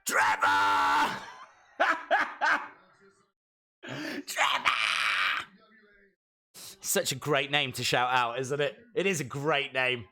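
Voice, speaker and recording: Bright, excitable man reacting live. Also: medium pitch, normal speed, hardly any pauses. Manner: excitable, jokey, talks to himself. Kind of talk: live watch-along commentary.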